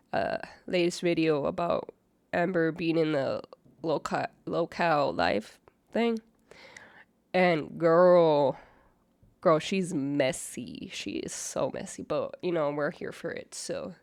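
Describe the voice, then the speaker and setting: Young woman kinda stuffy nasal, slow gossipy reaction talk, dry close mic. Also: fairly low pitch, a little mellow, no room sound. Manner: chatty, judgmental, lots of fillers and swearing. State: sick, slightly nasal. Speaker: reaction video host. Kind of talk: casual commentary.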